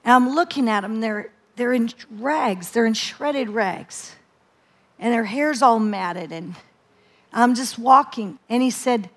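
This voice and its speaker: Animated woman preacher telling her testimony. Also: on the high side, slow pace. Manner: animated storytelling, laughs often. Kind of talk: testimony sermon.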